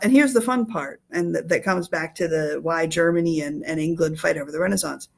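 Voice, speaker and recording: A woman historian guesting on a casual interview talks fast in a deep, gravelly voice. She explains history playfully, like a storyteller, acting out quotes as she goes.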